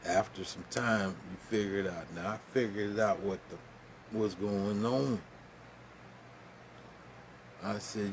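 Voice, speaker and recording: A man tells a profane story slowly and casually, with a gravelly, low-set voice. He laughs often and mimics sounds as he talks. A faint hiss of background noise sits under the voice. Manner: profane, laughing, animated anecdote with sound effects.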